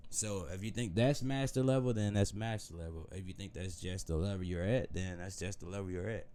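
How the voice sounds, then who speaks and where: A young man with a low, deep voice talks loosely and casually to camera. He rambles in a meandering way and often restarts his sentences. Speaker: vlogger.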